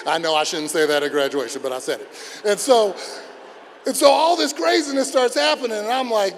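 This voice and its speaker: A middle-aged man, a school principal, speaks at a graduation with a high, bright voice. He tells stories and acts out the people in them, jumping from loud shouts to near murmurs. A long echo hangs behind him, as from a huge outdoor amphitheater. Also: brisk. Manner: animated, acts out quotes with big swings in loudness. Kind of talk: storytelling commencement speech.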